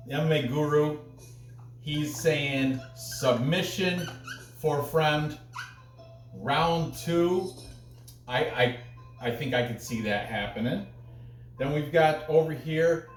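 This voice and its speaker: A man hosting a casual MMA picks show, talking in a rambling, animated way with lots of restarts and asides. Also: on the high side, measured pace, echoey room, faint music behind.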